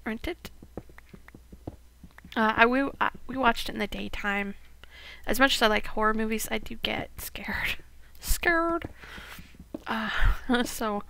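A gaming video host in her forties from Iowa, with a Midwestern American accent, chats casually and rambles while playing, slipping into half-whispered asides. Her voice is fairly high, creaky, bright and forceful, on a rough recording with slight background noise.

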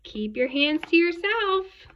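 A woman voicing a stern schoolteacher who barks short, sharp commands at a pupil. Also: very high voice, sing-song, slow, pitched above the performer's own voice, full character voice. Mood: scolding. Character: stern scolding schoolteacher, adult. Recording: dull lo-fi recording.

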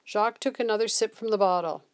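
A woman's voice: mid-range voice, quick pace. Woman reading a novel aloud. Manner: steady storytelling read. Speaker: reader.

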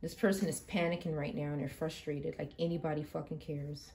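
Casting: lowish female tarot reader, blunt and cursing, faint hiss behind. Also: level tone, brisk. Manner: emphatic, swears often, swings from quiet to loud outbursts. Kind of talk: live tarot reading monologue.

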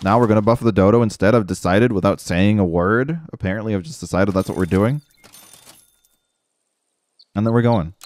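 This gaming streamer has a lowish, darkish voice and speaks at a moderate pace with frequent pauses. Casually commenting as he plays, he talks to himself, mocks his own moves, swears now and then, and says "dude" a lot.

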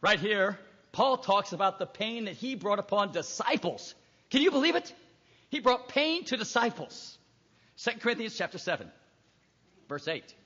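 High bright-voiced preacher in an echoey hall. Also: male voice, big pitch swings, normal speed, breathy edge. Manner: emphatic, reads scripture aloud and acts out voices. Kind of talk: sermon. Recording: echoey hall, dull lo-fi recording.

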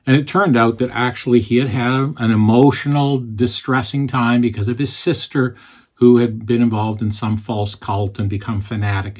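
Husky-voiced man telling a sermon story. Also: medium pitch. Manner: earnest, retells conversations in plain words. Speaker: Christian speaker.

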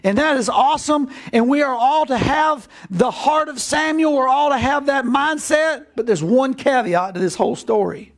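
A middle-aged male pastor preaching a sermon, animated, bursting into excited shouts as he acts out scripture. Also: extremely high pitch, normal speed, few pauses.

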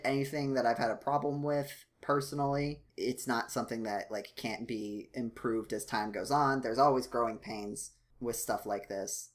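A man co-hosting a casual podcast, rambling with many restarts and fillers, his voice jumping up when he gets excited. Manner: animated, jumps up in pitch when excited. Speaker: podcast co-host.

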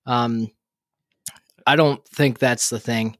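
A man's voice: on the high side, normal speed, fairly bright tone, no echo, studio quality. A man co-hosting a podcast in casual chat, rambling and joking with lots of fillers and laughs. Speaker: podcast co-host.

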